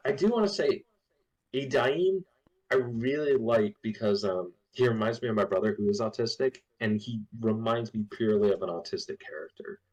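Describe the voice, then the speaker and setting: A man with a rather low voice talks through a casual book-discussion podcast as a co-host. He rambles, trails off into fillers and laughs often. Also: normal speed, darkish tone, poor audio.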